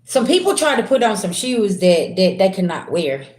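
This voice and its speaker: A woman reading tarot on a live stream, slangy and chatty, calling her viewers "babies" and swinging from low murmurs to loud, excited bursts. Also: moderate pace. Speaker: tarot reader. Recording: roomy echo.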